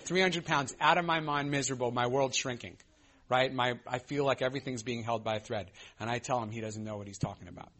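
Man, thirties, recovery-meeting testimony; candid, self-mocking, halting with fillers, mid-range voice. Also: medium pitch, fairly bright tone. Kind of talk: personal testimony share.

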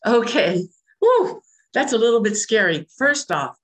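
A woman's voice: on the high side, sing-song, a little slow, fairly bright tone. An older woman speaking candidly over a video call, sharing her recovery story at a meeting with repeated refrains. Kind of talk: personal recovery share.

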